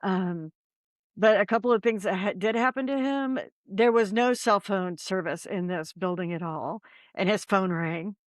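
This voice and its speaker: A woman's voice: mid-range voice, moderate pace, no room sound, clean studio sound. A woman who investigates the paranormal, a podcast guest telling a story in a rambling, casual way with many ums and likes.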